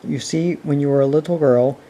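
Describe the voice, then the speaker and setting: An eager, knowing little girl from a storybook, full of questions, read by a man. The delivery is mellow and plain, close to his own voice. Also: a little high, fairly quick, natural voice, poor audio.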